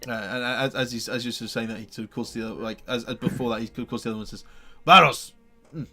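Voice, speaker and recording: A man's voice: medium pitch, little pitch movement, very fast, a bit bright, faint music behind. A man running a tabletop game as game master, narrating scenes in a rambling way with lots of restarts. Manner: rambling, full of fillers and restarts.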